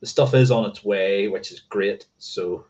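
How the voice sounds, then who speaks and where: Guy chatting on a livestream, lowish voice, wanders off topic and swears, dull lo-fi audio. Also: measured pace, darkish tone. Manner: meandering, self-correcting, swears casually. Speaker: motorcycling livestream host. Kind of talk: casual rambling livestream chat.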